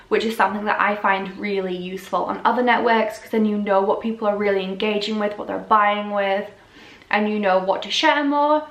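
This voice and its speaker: A woman with a slightly hoarse voice, chatting casually in a vlog, full of ums and self-corrections. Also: mid-range voice, a bit bright. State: slightly losing her voice. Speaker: fashion influencer. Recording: echoey room.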